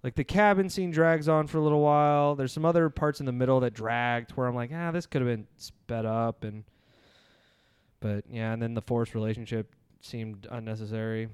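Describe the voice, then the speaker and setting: A man with a smooth, clean voice hosts a laid-back movie podcast. He rambles loosely and pokes fun at himself. The sound is dry and close, with no room around it. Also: mid-range voice, steady tone, moderate pace, dry recording. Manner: loose, rambling, self-deprecating. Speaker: podcast host. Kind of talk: casual podcast chat.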